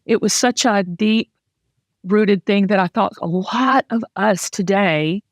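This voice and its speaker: Woman, Southern accent, middle-aged host, emotional and candid, restarts often, mid-pitched. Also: takes it slowly, no echo, clean studio sound. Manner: emotional and heartfelt, with frequent restarts. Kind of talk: candid casual chat.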